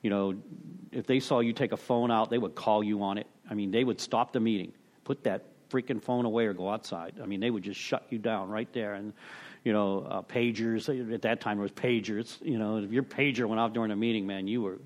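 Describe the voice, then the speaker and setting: A man's voice: on the low side, fairly even intonation, brisk, a little mellow. A middle-aged man sharing at a recovery meeting, rambling through a story with many restarts, "you know"s and casual cursing.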